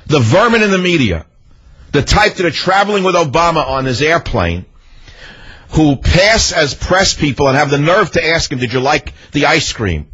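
A man's voice: a little high, expressive, moderate pace, a bit bright, husky. A man hosting a talk radio show, ranting in a combative, indignant way and hammering his points with repetition. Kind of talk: talk radio monologue and calls. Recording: dull lo-fi radio audio.

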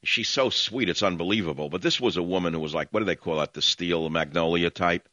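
Brash New York radio host. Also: male voice, deep voice, a little fast, bright, forceful tone, dry recording, muffled recording. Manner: brash, sardonic, rambling rants. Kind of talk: opinionated call-in radio talk.

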